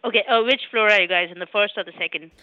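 A woman's voice: mid-range voice, racing, no room sound. A woman working as a hotel receptionist on a phone call, asking patient, polite questions. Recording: dull lo-fi phone sound, faint noise.

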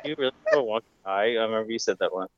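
A man's voice: on the low side, steady tone, very fast, no echo, dull audio. A man co-hosting a casual banter show, tossing out dry teasing quips. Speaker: podcast co-host.

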